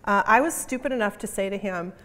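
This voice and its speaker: A woman's voice: mid-range voice, quick pace, bright, forceful tone. A middle-aged woman giving a conference keynote talk in an emphatic, punchy way, repeating her key phrases. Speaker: conference speaker. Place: conference hall. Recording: long reverb of a conference hall.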